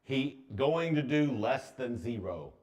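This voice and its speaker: A man's voice: medium pitch, lively intonation, slow, a little mellow, dull audio. A man teaching a math class to students, talking in a joking, offhand way.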